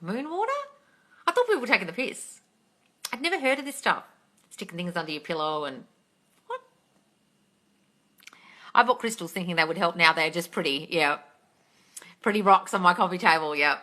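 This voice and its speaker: A woman's voice: on the low side, sing-song, moderate pace, long pauses, sharp tone. A young woman coaching on a phone live stream, blunt and swearing freely as she answers comments. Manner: blunt, swears freely, ranting then laughing. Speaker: manifesting coach.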